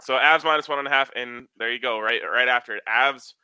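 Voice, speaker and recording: A man's voice: medium pitch, brisk, pushed and bright, clean tone, no echo. A man hosting a casual sports podcast, joking and trash-talking as he runs through betting picks. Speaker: podcast host giving hockey betting picks.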